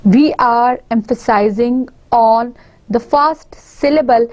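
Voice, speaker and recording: Female lecturer with a Pakistani English accent, high-pitched, careful slow explanations, dry sound. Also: a little mellow, no echo. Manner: slow and explanatory, repeating example words. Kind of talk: university lecture.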